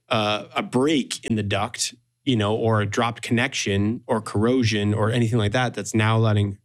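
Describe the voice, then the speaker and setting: A man with a lowish voice, a building engineer talking through a technical problem. He thinks aloud as he goes, sprinkling in "you know" and restarting his sentences. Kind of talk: expert explanation on a radio show.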